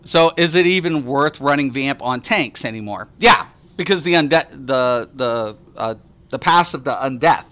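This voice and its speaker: A man's voice: medium pitch, animated, a little slow, sharp tone. A man chatting casually on a live stream, answering viewers at length with rambling, profane rants and lots of fillers.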